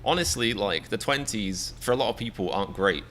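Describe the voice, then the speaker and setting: English guy, 30s, rambling live stream chat, lowish voice, self-mocking, bit of a grumble. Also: expressive, a little fast, a bit bright, a little hiss or hum. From England. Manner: rambling, self-deprecating, mock-exasperated.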